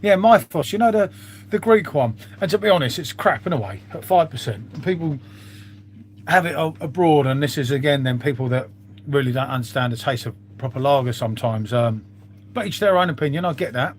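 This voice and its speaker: A man's voice: medium pitch, expressive, fairly quick, a little hiss or hum. A middle-aged man, chatting casually to viewers on his live stream, swearing freely and calling them mate.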